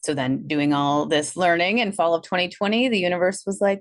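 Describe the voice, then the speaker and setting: Lively Wisconsin-accented woman telling her story. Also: fairly quick, no room sound. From Milwaukee, Wisconsin. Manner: animated, acts out her own past thoughts in a higher voice. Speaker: guest, energy healer. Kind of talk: casual interview storytelling.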